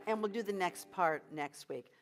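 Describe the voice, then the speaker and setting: A woman leading a choir rehearsal as vocal coach, giving encouraging instructions between high sung drills. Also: normal speed, music in the background.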